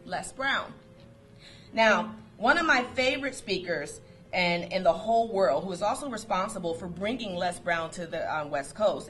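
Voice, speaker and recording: A woman giving a motivational talk to coworkers, lively and storytelling, quoting sayings and laughing often. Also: medium pitch. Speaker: motivational speaker.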